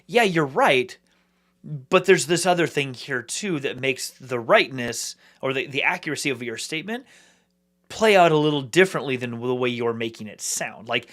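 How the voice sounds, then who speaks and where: Man, podcast co-host, casual chat, lively rising and falling voice, restarts as he thinks. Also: mid-range voice, normal speed. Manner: animated, thinks aloud with many restarts. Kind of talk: casual discussion.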